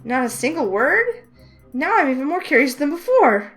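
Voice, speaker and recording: A woman's voice: sits high, big pitch swings, normal speed, fairly bright tone, soft background music, pitched above the performer's own voice. A woman reading the lines of a curious young game heroine, coaxing and eager.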